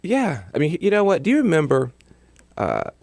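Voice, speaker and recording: A passionate man speaks as a studio guest in a dry, close room. His gravelly voice swings widely in pitch, and he drives his points with emphatic repetition. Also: huge pitch swings, moderate pace, a little mellow, dry recording. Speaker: political commentator guest. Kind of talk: studio talk-show interview. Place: radio studio.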